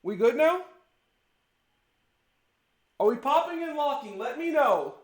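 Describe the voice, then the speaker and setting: An excitable young man with a very high voice chats with viewers during a casual live stream. He rambles along in an echoey kitchen, caught by a room mic rather than a close one. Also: measured pace, pauses often. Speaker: livestream host. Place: home kitchen. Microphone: omnidirectional mic set in the room.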